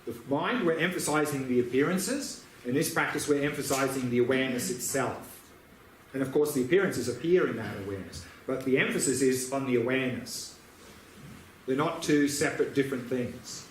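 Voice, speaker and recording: A man teaching meditation fields questions in a dharma Q&A, explaining things patiently and repetitively. His mid-range voice moves briskly, recorded in an echoey room with faint ambience and slight background noise.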